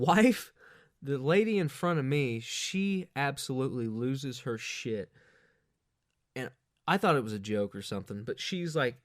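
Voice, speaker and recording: A man's voice: medium pitch, no room sound, clean studio sound. Profane rambling man ranting. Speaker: host. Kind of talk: comic rant monologue.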